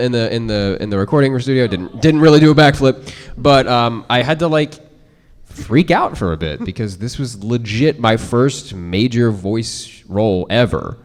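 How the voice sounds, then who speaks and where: A young adult man on a convention panel, telling an animated story about a voice acting job. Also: mid-range voice, moderate pace. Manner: animated anecdote telling with impressions. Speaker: voice actor panelist. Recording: long hall reverb.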